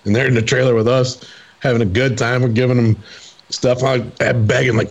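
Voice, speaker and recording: A man's voice: mid-range voice, steady tone, a little fast, breathy edge. A race team man telling a story in a casual, easygoing way. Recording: slightly muffled audio.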